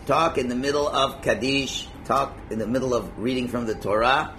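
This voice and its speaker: A man teaching a religious class in a lively, conversational way, acting out little scenes and chuckling at his own points. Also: mid-range voice, moderate pace, slight background noise. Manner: animated, acts out quotes, chuckles at own points. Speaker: Torah teacher.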